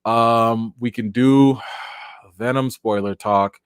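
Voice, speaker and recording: A man hosting a casual live chat, answering viewer comments in an animated, talkative way, and by now tired, with his voice wearing out. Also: mid-range voice, slow pace, clean tone, no echo, studio quality. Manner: animated, chatty, thanks viewers by name. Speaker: live-stream host.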